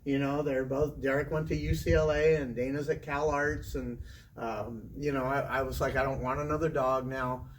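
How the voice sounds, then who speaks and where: A middle-aged man, a former teacher, telling a long casual story to interviewers, chatty and animated, swearing now and then. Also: medium pitch, moderate pace. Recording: distant mic with faint room noise.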